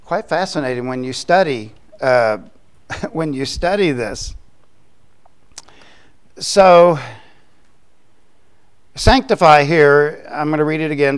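A man preaching as a pastor, explaining scripture in a conversational way with quick asides. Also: fairly high pitch, lively intonation, clear, resonant tone. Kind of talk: sermon.

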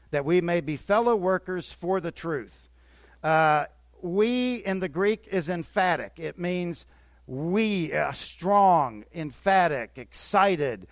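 A man preaching to his congregation. His voice sits a little high, swelling into emphatic bursts and dropping into quieter asides. The sound is dry and close, with no room echo. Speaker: pastor. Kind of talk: sermon.

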